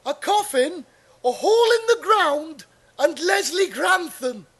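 A man's voice: very high voice, sing-song, a little slow, a bit bright, voice pushed up, heavily acted. A man playing an over-eager, fussy middle-aged game show host with bouncy presenter patter. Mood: chirpy.

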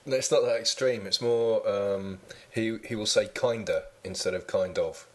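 A man's voice: on the low side, normal speed. A man hosting a comedy podcast, chatting with dry, teasing humor. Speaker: podcast host. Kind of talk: joking casual chat.

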